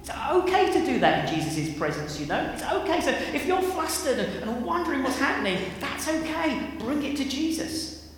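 A man preaching a sermon in a conversational, animated way, with chatty asides. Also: extremely high pitch, moderate pace, slight background noise. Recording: echoey church hall with long reverb.

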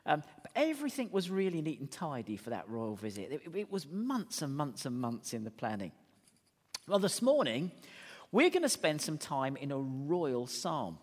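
A man preaching to his congregation, his pitch rising and falling with lively emphasis. He moves between chatty, wry asides and earnest teaching. His voice rings out with a long reverb that fills the church hall. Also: moderate pace. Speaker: pastor. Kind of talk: sermon.

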